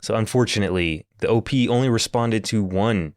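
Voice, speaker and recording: A man's voice: lowish voice, fairly quick, no echo, clean studio sound. A man co-hosting a casual podcast, reading stories aloud in a laid-back, hesitant way with chuckles. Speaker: podcast co-host.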